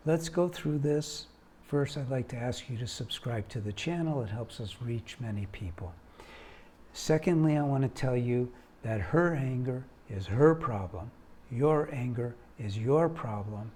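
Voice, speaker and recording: A man's voice: mid-range voice, measured pace, slight background noise. A man who founded a marriage organization, giving earnest, emphatic advice straight to the viewer. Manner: earnest, emphatic, rising into animated urging. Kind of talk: direct-to-camera advice talk.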